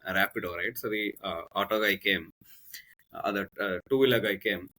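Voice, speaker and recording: A man's voice: on the low side, normal speed, pushed and bright. A man with an Indian English accent, a podcast guest and coach telling rambling personal anecdotes in casual conversation, with many fillers and restarts.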